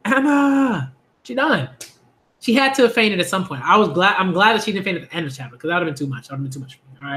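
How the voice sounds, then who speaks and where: A man giving a live reaction while reading a manga chapter, excitable and quick to repeat himself and laugh. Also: high voice. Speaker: manga reviewer.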